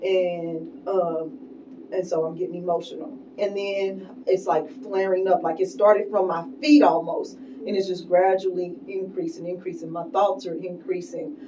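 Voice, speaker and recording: Middle-aged woman, lowish mellow voice, chatty and full of likes and ums, kinda far off and muffled. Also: level tone, unhurried. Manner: casual, filler-heavy, with many likes and ums. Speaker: guest. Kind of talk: personal storytelling. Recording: dull, distant sound with faint noise.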